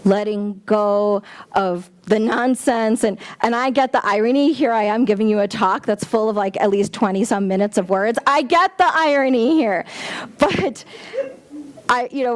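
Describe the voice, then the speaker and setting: A woman giving a sermon-style talk at a spiritual center, animated and exclamatory, with playful asides. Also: on the high side, normal speed, dry recording. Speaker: guest speaker at a spiritual center.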